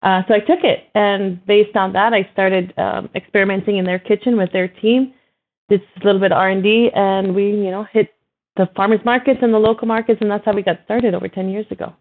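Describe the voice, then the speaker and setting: A woman's voice: medium pitch, brisk. Chatty woman on a tinny line. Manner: chatty, animated storyteller with many fillers. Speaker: hummus company founder. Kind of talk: storytelling interview guest.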